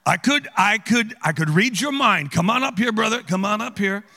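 A high, bright-voiced man preaches as a guest speaker. His voice leaps up and down as he teases and calls out to the congregation in a church auditorium. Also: normal speed, in a large hall. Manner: animated, teasing, calls out to the audience. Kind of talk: playful sermon with audience interaction.

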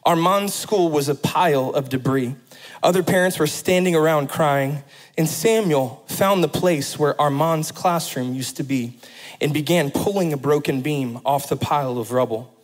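A man's voice: on the high side, moderate pace, poor audio. A middle-aged man preaching a sermon and telling a story, building to impassioned, emphatic phrases. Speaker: pastor.

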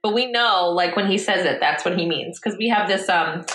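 A woman's voice: lowish voice, normal speed, fairly bright tone, a little hiss or hum. A young adult woman co-hosting a podcast, chatting casually and rambling with plenty of fillers. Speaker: podcast co-host. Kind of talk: casual chat. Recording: roomy echo.

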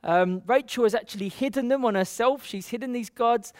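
A Bible teacher with a high male voice retells a Bible story in a relaxed, chatty manner, sprinkling in fillers and quickly acting out the quoted lines. The sound is close and dry, with no room sound at all.

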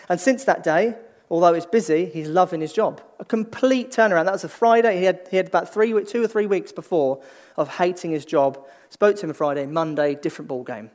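A man's voice sitting high carries a conversational sermon. He swings from lively emphasis down to hushed, slow lines and keeps restarting phrases as he works through his thoughts.

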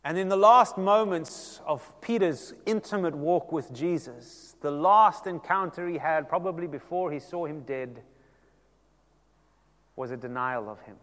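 A man, preaching a sermon as pastor and telling the story dramatically, shifting between loud and hushed passages. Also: fairly high pitch, a little slow, in a large hall.

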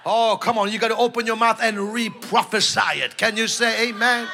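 A man preaching a sermon who shouts call-and-response lines to the congregation, then drops to a quiet storytelling tone. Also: high voice, moderate pace, gravelly, slight background noise. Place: church service.

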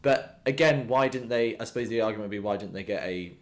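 A man co-hosting a podcast in casual chat, opinionated and animated, laughing often. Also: lowish voice, fast talker. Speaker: podcast co-host.

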